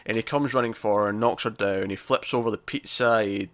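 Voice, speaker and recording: A man's voice: on the low side, fairly even intonation, fairly bright tone. A man co-hosting a casual review chat, recapping an episode with many restarts. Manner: rambling, restarts, acts out scenes in quick voices. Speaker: podcast co-host reviewing a TV episode.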